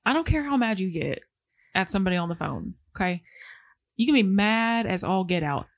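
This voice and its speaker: A woman's voice: mid-range voice, lively intonation, a little fast. A woman co-hosting a casual podcast, chatting and laughing often as she reads posts aloud. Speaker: podcast co-host.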